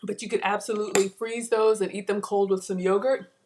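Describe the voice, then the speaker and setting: A woman's voice: medium pitch, steady tone, a little fast, noisy background. A woman hosting a live home cooking class, chatty and self-teasing as she talks to viewers from her kitchen. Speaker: cooking show host.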